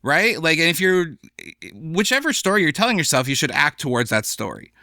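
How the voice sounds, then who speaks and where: A young adult man, a comedian guest on a podcast, talking in an animated, chatty way. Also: fairly high pitch, brisk, dry recording, clean studio sound. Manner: animated, chatty, slips into playful voices for examples. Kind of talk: casual podcast conversation.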